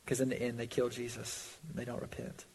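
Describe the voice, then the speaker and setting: A man preaching a sermon in earnest, swelling loud on pleas and dropping low on warnings, in a church sanctuary. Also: completely flat delivery, fairly quick, vocal fry, slightly rough. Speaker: pastor. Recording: long hall reverb.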